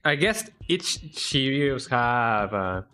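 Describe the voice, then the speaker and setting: A man chats while he streams a video game, with a casual, rambling flow that keeps ending on "eh?". His voice sits in an ordinary middle pitch. Soft game music plays faintly underneath. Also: slow pace. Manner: relaxed, rambling, tags lines with "eh?". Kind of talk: casual live-stream chat while gaming.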